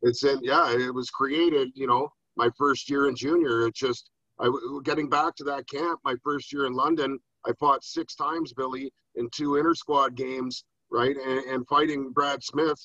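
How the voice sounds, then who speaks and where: A man who was once a hockey player, talking as a guest in a halting way that repeats words and ends with "right?". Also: medium pitch, fairly even intonation, pushed and bright, no echo. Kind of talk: casual interview chat. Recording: dull lo-fi sound.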